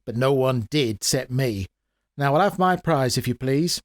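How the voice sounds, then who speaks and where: A man's voice: mid-range voice, animated, normal speed, dry recording, clean studio sound, natural voice. A man voicing a shrewd, sly old woman who talks in a folksy, blunt, knowing way. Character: shrewd old woman, sly, tough-talking, feigns frailty.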